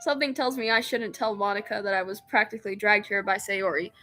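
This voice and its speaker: Bright-voiced woman reading a game aloud. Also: medium pitch, fairly even intonation, fast talker, faint music behind. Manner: giggly, self-mocking asides. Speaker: streamer. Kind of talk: reading a visual novel aloud.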